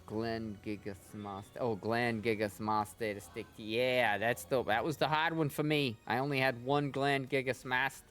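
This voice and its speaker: Male streamer, casual gameplay chatter, medium pitch, swears freely, faint music in the background. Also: steady tone, moderate pace, hardly any pauses, fairly bright tone.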